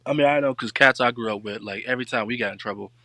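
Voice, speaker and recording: A man hosting a casual talk show, speaking in with an animated, joking delivery. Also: mid-range voice, racing, no room sound. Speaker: podcast host. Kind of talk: casual chat.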